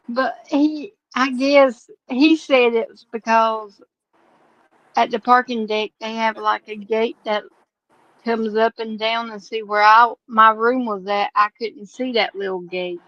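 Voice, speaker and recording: A woman tells her stream a story at an unhurried, drawling pace, her voice sitting a little high. The audio is slightly muffled and lo-fi. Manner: drawling, animated storytelling with laughs. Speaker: livestream host. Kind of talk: casual storytelling to chat.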